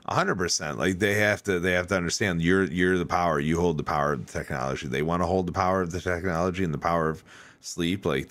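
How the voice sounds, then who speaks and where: Deep-voiced man telling rambling stories. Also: no room sound. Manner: rambling, animated storytelling with frequent fillers. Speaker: podcast host. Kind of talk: casual chat.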